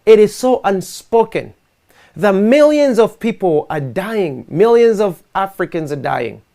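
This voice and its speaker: A man with a high-pitched voice hosts a live online talk show. He speaks in an earnest, emphatic way and presses his case through rhetorical questions and repetition. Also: very animated, unhurried, gravelly, mellow. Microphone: video call setup.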